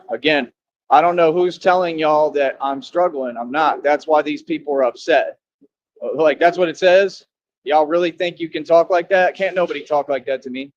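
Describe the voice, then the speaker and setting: Boastful young man, a bit high, lo-fi. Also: a little hiss or hum. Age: young adult. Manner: boastful and confrontational, full of slang. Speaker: vlogger. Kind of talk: defiant monologue to the camera. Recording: dull lo-fi sound.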